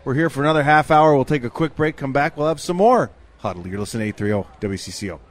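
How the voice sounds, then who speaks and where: A man's voice: mid-range voice, expressive, fast. A man co-hosting a live radio show outdoors at a fair, joking with the crowd and his partner. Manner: upbeat, joking banter. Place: outdoor broadcast booth at a state fair.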